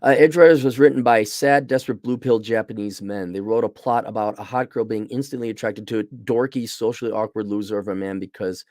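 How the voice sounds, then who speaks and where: A man's voice: lowish voice, steady tone, fairly quick, hardly any pauses, darkish tone, no room sound, clean studio sound. A middle-aged man hosting a casual livestream review, talking bluntly and rambling, often restarting his sentences. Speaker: show host reviewing a series.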